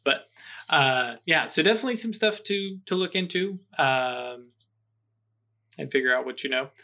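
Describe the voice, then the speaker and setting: A man hosting a tabletop role-playing show, his voice sitting a bit high and sounding bright and forceful. He rambles through his sign-off with plenty of fillers and the odd chuckle. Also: expressive, normal speed. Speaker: game master and host. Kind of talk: tabletop game wrap-up chat.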